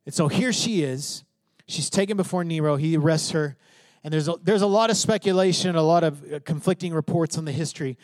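Man, pastor, sermon, high voice, dry sound, emphatic, loud-to-hushed swings. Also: brisk, no echo.

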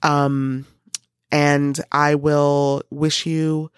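A woman's voice: low-pitched, level tone, drawn-out words, clean tone, no room sound, clean studio sound. A woman hosting a coaching podcast, talking earnestly and loosely with many fillers. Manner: earnest, loose, full of "you know" and "um". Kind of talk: encouraging podcast monologue.

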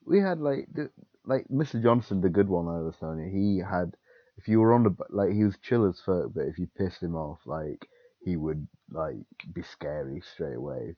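A young man co-hosting a casual chat, telling animated stories and acting out quotes. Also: low voice, moderate pace, dry recording, muffled recording. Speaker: podcast co-host.

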